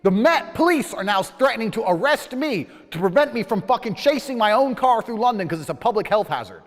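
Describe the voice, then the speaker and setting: A man tells a story in an indignant rant, swearing freely as his pitch leaps up and down. His voice sits a little high for a man, and a long reverb trails behind it. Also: big pitch swings, a little fast. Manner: indignant, profane, ranting. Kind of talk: heated anecdote.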